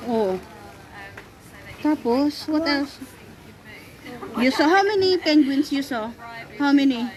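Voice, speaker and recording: A woman's voice: sits high, animated, slow pace, pauses often. A woman with a Filipino accent, casually chatting with her small child at the zoo in a coaxing, sing-song way. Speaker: mother filming her child. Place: outdoor zoo with crowds. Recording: crowd noise of a busy zoo.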